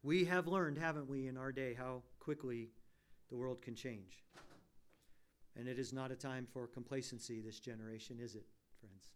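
A man's voice: mid-range voice, normal speed. Impassioned preacher, man. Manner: preaching with rhetorical questions, rising to emphatic peaks. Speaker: pastor. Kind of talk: sermon.

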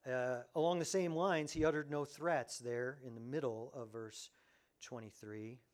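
Man, pastor, mid-pitched, animated sermon with big loud-to-soft swings. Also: unhurried. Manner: animated, swings from loud to hushed, acts out quoted voices.

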